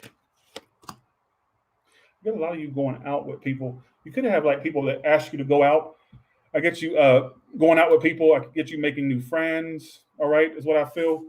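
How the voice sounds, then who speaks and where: On poor audio, a man with a fairly high, steady, slightly mellow voice gives a casual tarot reading on a livestream at a normal speed. Tired and low on energy, he rambles, swears offhandedly, says he's tired, and keeps tacking on "all right."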